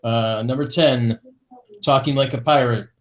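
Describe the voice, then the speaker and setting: A man's voice: medium pitch, steady tone, measured pace. A man co-hosting a casual online talk show, reading a feel-good list aloud with chuckles and corny jokes. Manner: upbeat, chuckling between items, fond of corny jokes. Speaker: co-host of a vaping talk show.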